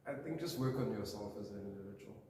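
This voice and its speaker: A man's voice: lowish voice, animated, fast talker. A young man, a guest on a podcast, chatting casually in a rambling, self-deprecating way with lots of fillers. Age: young adult. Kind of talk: casual chat. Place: room on a university campus. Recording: echoey room, mic far off, noisy.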